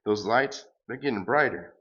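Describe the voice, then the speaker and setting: A man's voice: medium pitch, normal speed, a bit bright, highs cut off, close to an everyday voice. A man doing a goofy mock-heroic space surfer. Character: goofy boastful male space surfer hero.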